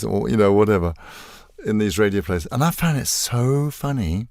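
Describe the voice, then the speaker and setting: This South African voice actor in his sixties, appearing as an interview guest, has a fairly low, creaky voice and speaks at a normal pace. He's animated and wry, telling anecdotes full of playful asides in casual storytelling, captured in a dry, studio-quality recording.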